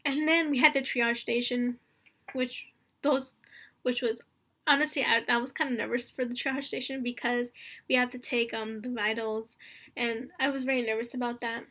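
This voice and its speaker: A woman's voice: a little high, little pitch movement, moderate pace, a bit bright. A young woman telling a story in a casual vlog, rambling and earnest, full of "like" and "honestly" and near tears. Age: young adult. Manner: rambling, earnest, heavy use of fillers like "like" and "honestly"; emotional, close to tears. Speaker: vlogger.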